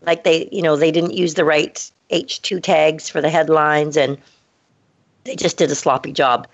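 Woman, storyteller, animated, acts out dialogue, lower voice, dull dry sound. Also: normal speed, no room sound. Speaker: podcast co-host telling a story. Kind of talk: casual storytelling chat.

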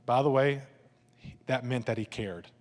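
A man preaching a sermon in a conversational, animated way, acting out voices and asides. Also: mid-range voice, unhurried. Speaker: pastor. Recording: long hall reverb.

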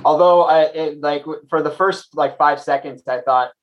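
A man competing in a music quiz, relaxed and joking. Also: fairly high pitch, moderate pace, dull audio, a little hiss or hum. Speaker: quiz contestant. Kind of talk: casual banter.

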